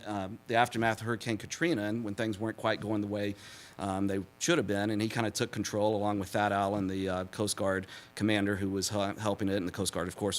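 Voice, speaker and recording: Chatty low-voiced man giving a talk. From Texas. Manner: self-deprecating, laughs at his own jokes, many fillers. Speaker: symposium speaker, former press secretary. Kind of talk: public talk with anecdotes.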